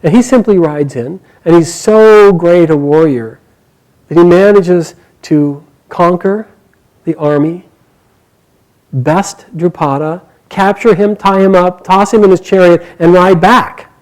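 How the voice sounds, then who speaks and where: A man telling an epic story live, animated and dramatic, sometimes correcting himself. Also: high-pitched, a little slow, rough recording.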